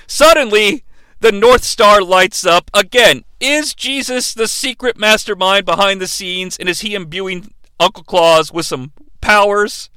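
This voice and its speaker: A man hosting a comedic movie recap, joking and swearing freely in an animated rant. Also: high voice, unhurried, clear, resonant tone, no echo. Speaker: movie reviewer host.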